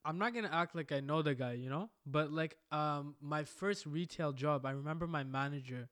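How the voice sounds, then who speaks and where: A man's voice: fairly high pitch, moderate pace, a bit bright, clear, resonant tone, dry recording, clean studio sound. A young man with an anglophone Montreal accent, chatting in a laid-back way on a podcast and swearing casually. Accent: anglophone Montreal English. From Montreal, Canada. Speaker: podcast co-host. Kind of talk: casual chat.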